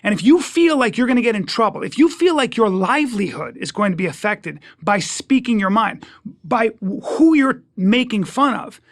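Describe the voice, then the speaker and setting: A man, a stand-up comedian guest, talking in a casual interview in an emphatic, joking way that swings from loud to hushed. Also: sits high, sing-song, moderate pace, no echo, studio quality.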